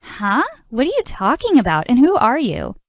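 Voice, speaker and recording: A popular high school girl in a cartoon storybook, caught off guard and full of questions, played by a woman narrator. The voice sits on the high side and sounds dry and close. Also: wildly swooping pitch, normal speed, no echo, exaggerated voice. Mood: puzzled. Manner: puzzled, questioning. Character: popular, puzzled teenage girl.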